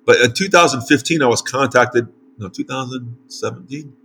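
An American man from New York hosts a casual interview from his home in northern Mexico, as show host and site publisher. He tells stories animatedly with many restarts and quoted dialogue, in a medium-pitched voice at a moderate pace. There's slight background noise.

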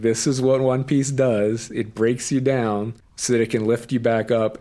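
A man's voice: fairly low pitch, a little mellow. A man co-hosting an anime recap podcast, retelling scenes in a casual, enthusiastic way full of fillers and quoted lines. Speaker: podcast co-host.

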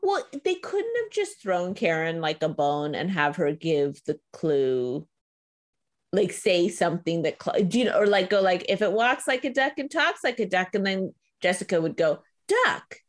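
Ożywiona kobieta w luźnej rozmowie. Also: female voice, on the low side, normal speed. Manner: animated, acts out characters' lines mid-story. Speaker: podcast co-host. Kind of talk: casual chat about a TV episode.

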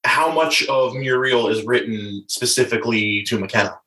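A man's voice: mid-range voice, moderate pace, pushed and bright. A man interviewing guests over a video call, asking questions with hesitant fillers and restarts. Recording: distant video call audio.

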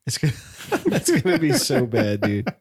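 A man's voice: medium pitch, wildly swooping pitch, normal speed, husky. Joking man among friends. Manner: joking, laughs often, profane. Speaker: podcast co-host. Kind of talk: casual chat.

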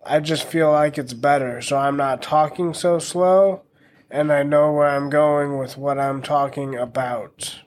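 A man's voice: a little high, fairly even intonation, measured pace. A man of around thirty hosting a casual solo podcast, talking in a wry, self-mocking way with crude jokes. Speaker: podcast host.

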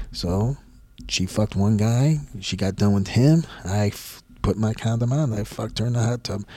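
A man's voice: on the low side, dark tone, no echo. A man hosting a podcast, telling a personal story in a blunt, profane, casual way. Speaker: podcast host.

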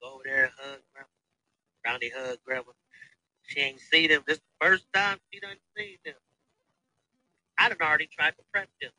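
A man in his thirties hosting a casual podcast, telling profane, animated stories. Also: fairly high pitch, normal speed, long pauses, no room sound, rough recording. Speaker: podcast host. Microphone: phone.

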